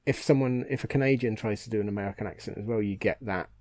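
A man's voice: fairly low pitch, fast talker, darkish tone, no room sound. A man co-hosting a podcast, chatting casually with playful jokes and frequent laughs. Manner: playful, jokey asides, laughs often. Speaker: podcast co-host. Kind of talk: casual chat.

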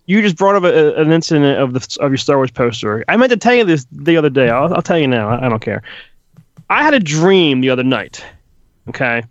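Male podcast co-host, lively, pitched up, casual, dull dry recording. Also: fairly quick, no echo. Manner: animated storyteller, swears freely. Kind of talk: casual chat.

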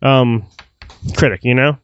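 A man's voice: medium pitch, a little slow, dry recording. A man co-hosting a movie review podcast, talking in an emphatic, gushing way in casual chat. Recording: dry, dull lo-fi audio.

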